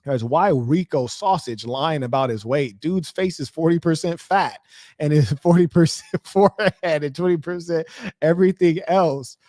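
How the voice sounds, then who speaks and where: A man's voice: fairly high pitch, normal speed, darkish tone, no echo, studio quality. Brash trash-talking livestream host, man. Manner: confrontational, trash-talking, slangy. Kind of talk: heated livestream commentary.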